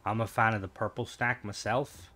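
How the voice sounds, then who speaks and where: A man's voice: on the low side, little pitch movement, normal speed, sharp tone. Chatty Irish man streaming a game. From Ireland. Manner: rambling, chatty, talks to viewers. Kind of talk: casual stream chat while gaming.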